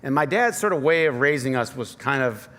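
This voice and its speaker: Speaking a little fast with an expressive, fairly bright, medium-pitched voice, a thirtysomething pastor from Michigan preaches conversationally, poking fun at himself and sharing personal stories. The sanctuary adds long reverb and faint ambience.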